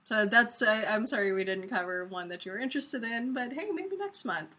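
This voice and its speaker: A woman co-hosting a casual live webinar, relaxed and chatty as she explains things. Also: a little high, brisk. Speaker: co-host.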